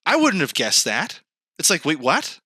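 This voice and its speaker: A man co-hosting a podcast in casual chat, animated and swearing, who acts out quoted lines. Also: on the high side, normal speed, husky, no room sound, clean studio sound. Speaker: podcast co-host. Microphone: remote call mic, screen sharing.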